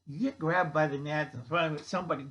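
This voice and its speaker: A man's voice: on the high side, steady tone, fast, fairly bright tone, low-quality recording. A man hosting his own channel, giving a blunt, folksy, rambling monologue. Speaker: channel host.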